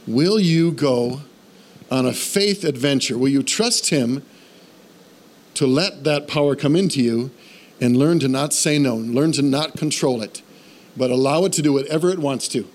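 A man of medium pitch preaches at normal speed, relating a humorous episode from his own life with animated, self-deprecating storytelling. The message builds into a passionate summons to believe.

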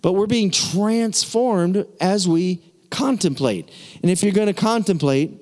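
A man preaching a sermon as pastor, lively and repetitive, drawing out words for emphasis. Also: high voice, measured pace. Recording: long hall reverb.

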